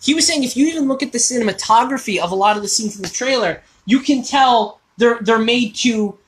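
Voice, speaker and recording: A man hosting a casual chat, talking quickly and excitedly, often cutting himself off mid-sentence, in a toy store. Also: very high voice, slight background noise. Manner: rapid, excitable, self-interrupting fan talk. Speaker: host.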